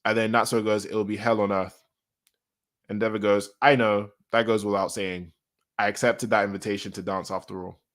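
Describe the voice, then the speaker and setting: A man with a fairly low voice reads a comic chapter aloud at a normal speed. He reacts in casual chat after the lines, excitedly repeating his reactions often, like a manga reaction host.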